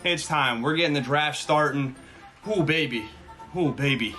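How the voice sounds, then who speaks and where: A man hosting a live stream, excited and out of breath, thanking chat by name and swinging between loud cheers and low mutters. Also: normal speed, soft background music.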